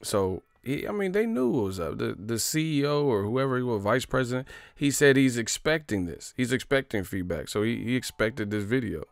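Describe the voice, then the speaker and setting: A man's voice: mid-range voice, animated, normal speed, creaky, no room sound. A man, a boxing vlogger, giving casual, joking commentary full of slang and profanity.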